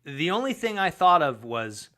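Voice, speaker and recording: A man co-hosting a comedy podcast, riffing loudly in casual chat. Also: fairly high pitch, moderate pace. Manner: animated, riffing, jumps into silly voices. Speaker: podcast co-host.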